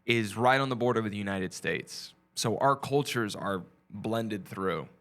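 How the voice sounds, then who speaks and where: A man hosts a relaxed interview, his voice bright and forward. He talks in an animated way, laughing easily and acting out the people he quotes. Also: lowish voice, unhurried. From family from Mexico. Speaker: podcast host. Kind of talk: casual conversational interview.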